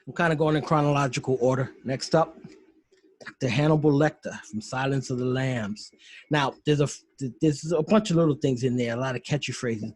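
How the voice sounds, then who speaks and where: A man's voice: mid-range voice, darkish tone, husky, no echo, rough recording. A man hosting a podcast over a video call, retelling favorite scenes in an enthusiastic, rambling way. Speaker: podcast host. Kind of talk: casual commentary.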